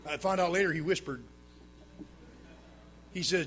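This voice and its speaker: A man tells the story of his recovery at a meeting in front of a live crowd, speaking a little slowly with fairly even intonation and frequent pauses. He's plain-spoken with a dry wit, alternating loud emphatic bursts and hushed low asides. Slight background noise is present.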